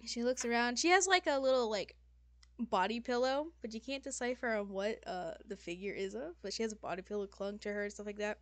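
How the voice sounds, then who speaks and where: A woman's voice: on the high side, brisk, no echo. A young woman narrating as game master, rambling with fillers and corrections as she goes.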